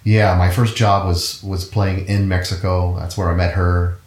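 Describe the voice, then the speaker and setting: A middle-aged man with a notably low voice tells his story as an interview guest. He rambles easily and corrects himself mid-sentence. The room around him sounds echoey. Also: level tone, unhurried, darkish tone. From United States. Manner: rambling, self-correcting, easygoing. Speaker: guest, orchestral musician. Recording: roomy echo.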